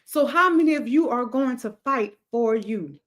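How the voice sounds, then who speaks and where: A woman's voice: fairly high pitch, animated, moderate pace. A woman hosting a motivational livestream, talking to her chat in an emphatic, repetitive cadence like a preacher. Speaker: livestream host.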